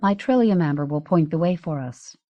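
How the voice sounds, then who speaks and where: A woman's voice: low-pitched, animated, a little fast, no room sound, highs cut off. A woman voicing an emphatic, motherly queen in a fantasy audiobook. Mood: firm. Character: caring queen with a magic amulet.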